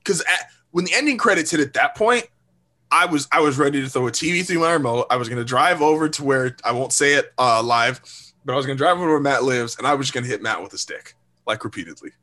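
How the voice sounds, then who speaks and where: A man co-hosting a podcast, telling a story in a casual, animated, profane way and acting out quoted lines. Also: mid-range voice, fast. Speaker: podcast co-host. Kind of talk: casual chat.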